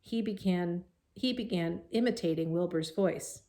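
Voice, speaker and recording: A woman reading a children's novel aloud to young listeners, expressive, with friendly asides. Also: on the low side, measured pace.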